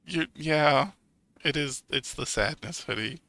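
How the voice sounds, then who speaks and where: A man's voice: on the high side, a little slow, creaky, pushed and bright. A man streaming a narrative game, reading its text aloud with casual commentary and swearing. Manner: swears and laughs while reacting.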